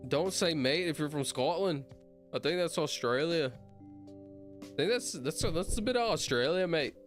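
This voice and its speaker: A man's voice: expressive, moderate pace, faint music behind, natural voice. A man putting on a clumsy, playful mock Scottish accent that slides toward an Australian one. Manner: playful, exaggerated, higher than his own voice.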